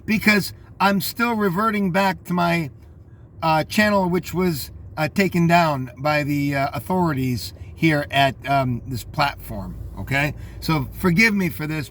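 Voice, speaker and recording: A man's voice: a little high, a bit bright, slight background noise. An older man reading out news headlines and commenting on them in a rambling, scornful way, talking straight to his listeners.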